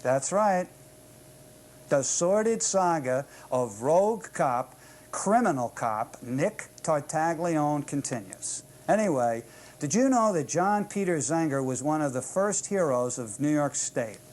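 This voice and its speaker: A man's voice: fairly high pitch, animated, a little slow, a little mellow. An older man hosting a public access show, delivering a combative, sarcastic monologue full of rhetorical asides. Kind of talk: ranting monologue. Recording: old public access tape.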